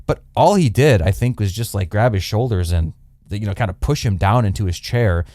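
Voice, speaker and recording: A man's voice: on the low side, moderate pace, dark tone, dry recording, studio quality. A man co-hosting a casual podcast, blunt and sarcastic, rambling and swearing casually. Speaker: podcast co-host.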